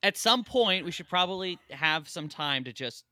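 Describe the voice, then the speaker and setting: Playful co-host, bright tone, very expressive pitch, dry close mic. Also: normal speed, no room sound. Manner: playful, jumps into joke voices. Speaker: podcast co-host. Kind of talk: casual chat.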